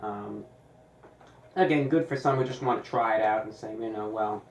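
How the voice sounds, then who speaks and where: A man reviewing pizza in a deliberate, casual way, with dry sarcastic asides. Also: lowish voice, reverberant, a little hiss or hum, poor audio. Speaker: food reviewer.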